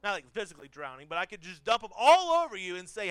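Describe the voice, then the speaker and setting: A male pastor delivers a sermon with a high, bright, very lively voice that swoops up and down as he tells stories. He pokes fun at himself and doubles back on phrases to drive them home. The sound is smooth and dry, with no room echo. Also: quick pace. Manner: animated, storytelling with self-deprecating humor; repeats phrases for emphasis. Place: church pulpit.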